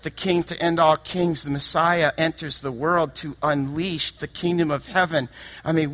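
Impassioned high-voiced male preacher. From United States. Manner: impassioned, swings from hushed to shouting. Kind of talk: sermon.

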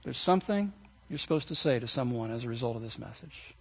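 A man's voice: mid-range voice, animated, fast, creaky, slightly rough. A man preaching a sermon as pastor, speaking earnestly and directly to his congregation, repeating key phrases for emphasis. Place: church service.

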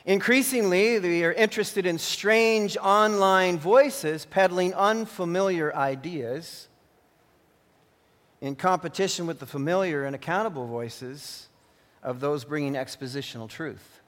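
A man's voice: sits high, unhurried, fairly bright tone. A man preaching a sermon as pastor in an earnest, warning manner, also narrating a story. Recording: long hall reverb.

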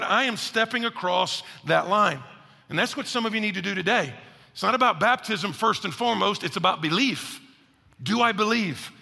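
A man's voice: high-pitched, creaky, bright, forceful tone. A man preaching a sermon as pastor, earnest and pleading, acting out the voices he quotes. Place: church sanctuary. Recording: long hall reverb.

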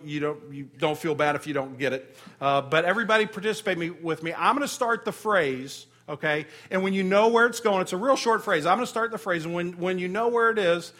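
A man's voice: fairly high pitch, fairly bright tone. A middle-aged man preaching a sermon as pastor, emotional and conversational, with humor and frequent restarts.

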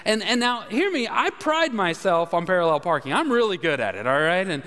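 High, clear-voiced man preaching in a reverberant hall. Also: big pitch swings, a little fast, bright, forceful tone. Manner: folksy, self-deprecating, many fillers and "all right?" asides. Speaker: pastor. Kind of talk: sermon storytelling.

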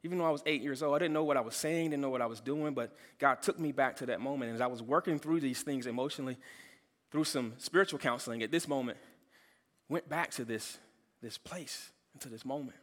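A man's voice: mid-range voice, fast talker, fairly bright tone. A man preaching a sermon, telling a personal story earnestly and often restarting his sentences. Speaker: pastor. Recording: long hall reverb.

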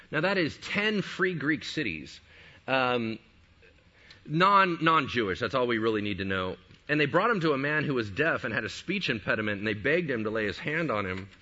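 A man preaching with a very bright, husky voice and a lively, swooping pitch. He acts out the scenes he tells with sudden shouted exclamations. The sound is dull and lo-fi. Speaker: pastor. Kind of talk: sermon.

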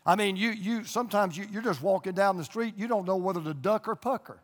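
An older man delivers a sermon in a fairly high voice, telling homespun stories and hammering his points home with emphatic repetition. His voice rings out through a large church auditorium, trailing a long reverb. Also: a little fast. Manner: folksy storytelling preacher, emphatic repetition. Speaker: pastor. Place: church auditorium with a live and online audience.

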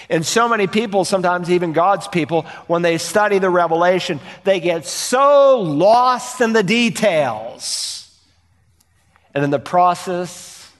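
A man's voice: on the high side, long reverb tail. A male pastor preaching a sermon, earnest and emphatic, asking rhetorical questions and repeating key phrases.

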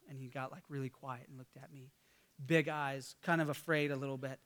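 A man's voice: medium pitch, fairly even intonation, fast talker, fairly bright tone. A man in his thirties, a pastor, preaching a sermon in a conversational storytelling way, with fillers and restarts.

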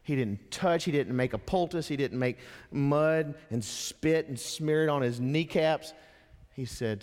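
A man preaching in a church sanctuary, his fairly high voice hanging in a long hall reverb. He takes his time, leaning into dramatic storytelling and shifting from hushed moments to impassioned swells. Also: big pitch swings, measured pace. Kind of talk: sermon.

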